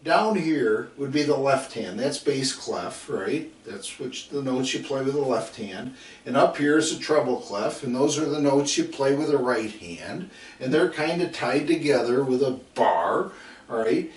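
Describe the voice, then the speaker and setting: With a mid-range voice, lively intonation, and a measured pace, a middle-aged football coach delivers an emphatic, repetitive lecture. He repeats drill calls and acts out his players as he tells stories. Slight background noise and a distant mic give a roomy sound.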